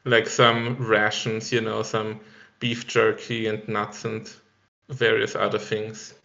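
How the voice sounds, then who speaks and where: A man playing in a tabletop game, relaxed and describing his character's actions. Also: lowish voice, slow, creaky, highs cut off. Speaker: player. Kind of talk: casual tabletop game talk.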